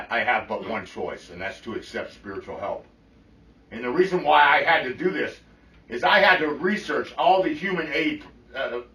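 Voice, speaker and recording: Man, middle-aged, recovery meeting testimony, blunt, profane, bright forceful voice, roomy echo. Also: medium pitch. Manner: blunt and profane, often checks in with "right?". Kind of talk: personal testimony to a group. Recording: echoey room, mic from far off.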